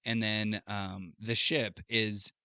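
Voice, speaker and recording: Brief: podcast co-host, male, lowish voice with a bright edge, dry close sound, rambling casual plot recap. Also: level tone, slow pace, clean tone, no echo. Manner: loose storytelling recap, thinks aloud with fillers. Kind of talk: casual chat.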